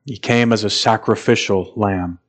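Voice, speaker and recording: A man preaching a sermon as a pastor, earnest and measured, pausing and repeating phrases, building to emphatic stretches. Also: fairly low pitch, steady tone.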